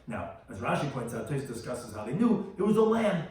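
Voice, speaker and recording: Male rabbi, Talmud lecture, quick and animated, explains each term, boomy room and distant mic. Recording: very echoey room, mic far off.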